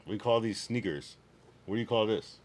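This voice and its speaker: Deep-voiced man casually chatting on stream. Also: normal speed. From United States. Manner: loose, slangy and profane, reacts to chat messages. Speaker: livestreamer. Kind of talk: casual livestream chat, reading chat aloud.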